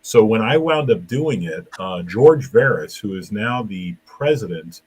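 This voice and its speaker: Husky-voiced man hosting a chat show. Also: lowish voice, a little slow. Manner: animated anecdotal storytelling. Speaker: show host and comedian. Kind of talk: casual chat.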